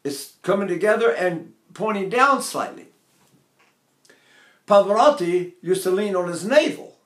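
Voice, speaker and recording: An older man, a voice teacher, giving a vocal technique lesson in a rambling, digressive way and pausing to sing demonstrations. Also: high-pitched, lively intonation, fairly bright tone. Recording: echoey room.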